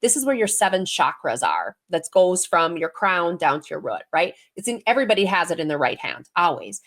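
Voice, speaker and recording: A woman guest on an interview podcast, telling her story in a casual, animated way and acting out the voices she quotes. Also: lowish voice, fairly quick. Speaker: guest, intuitive healer and medium.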